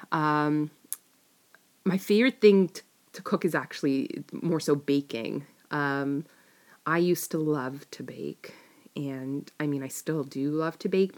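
A woman's voice: sits low, darkish tone. A young woman chatting casually to camera, rambling and giggling as she answers tag questions. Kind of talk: casual chat.

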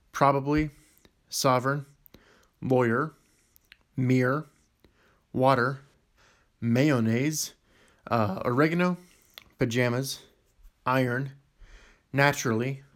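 A man's voice: mid-range voice, a bit bright. A man with a Western Pennsylvania accent reading a word list for an accent challenge vlog, with casual asides between words. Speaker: vlogger.

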